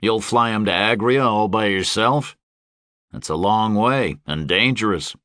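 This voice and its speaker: A wary, steady aging warrior, as a male narrator voices him in a fantasy audiobook. He talks low and measured, guarded in tone, with a dry, close sound. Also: dry recording.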